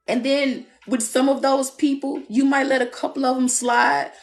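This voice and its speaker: A woman giving a live-streamed love reading, blunt and animated, with playful asides. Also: sits high, normal speed. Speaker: tarot reader. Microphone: phone.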